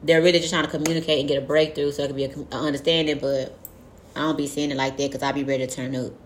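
Low-voiced woman, frank and profane. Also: rapid-fire, slight background noise. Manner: frank, profane, animated storytelling with acted-out quotes. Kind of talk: casual candid chat.

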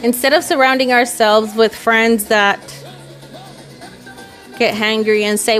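A fairly high-voiced woman rambles through a candid vlog monologue, swearing freely as she reflects on herself. Faint music plays softly behind her. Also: fairly even intonation, unhurried, long pauses. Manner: candid, profane, self-reflective. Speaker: vlogger.

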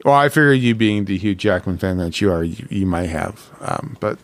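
A man co-hosting a casual chat, joking in an unhurried way. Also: low-pitched, lively intonation, dry recording. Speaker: podcast co-host.

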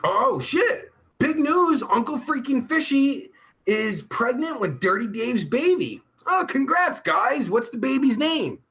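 A man hosting a live chat show, reading viewers' messages and riffing on them in a crude, rambling way that flares up easily. His voice sits high and sounds bright and edgy. He swings widely up and down in pitch and talks at an unhurried pace. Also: big pitch swings. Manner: rambling, vulgar, quick to get riled up.

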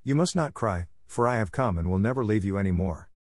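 A man's voice: on the low side, animated, a little fast, no echo, studio quality. A man voicing an earnest young girl coming home to her family, reading her lines with a raised, heartfelt voice. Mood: joyful.

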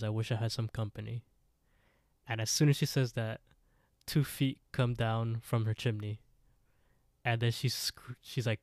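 A man's voice: medium pitch, dry recording, clean studio sound. A man co-hosting a podcast, retelling a scary story in casual chat with lots of fillers. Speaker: podcast co-host.

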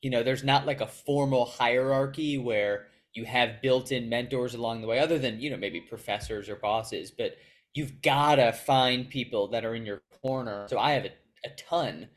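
Young guy guesting on an interview, earnest, thoughtful, mid-pitched voice. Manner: earnest, reflective, quick storytelling. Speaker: guest, sports media worker. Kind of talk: casual interview answers. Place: Chicago.

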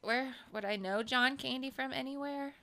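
A woman's voice: sits high, moderate pace, bright, forceful tone, no room sound. A woman co-hosting a casual movie podcast, curious and informal, often asking questions. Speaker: podcast co-host.

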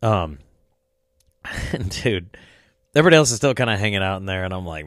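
A man's voice: low-pitched, normal speed, pauses often, fairly bright tone, no room sound. A man hosting a podcast, rambling through a casual story, swearing a lot and laughing as he talks. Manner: rambling, swears often, laughs mid-sentence. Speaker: podcast host.

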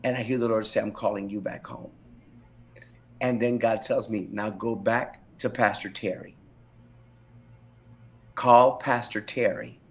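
A middle-aged man, a pastor, telling his personal testimony in a candid interview, animated and emphatic, often repeating phrases for weight. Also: fairly low pitch, measured pace, long pauses.

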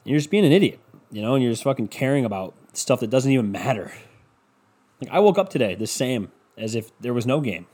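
A man's voice: mid-range voice, big pitch swings, fairly quick, darkish tone, breathy edge. Man, casual podcast host, profane, rambling, mocking imitations. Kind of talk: casual solo monologue.

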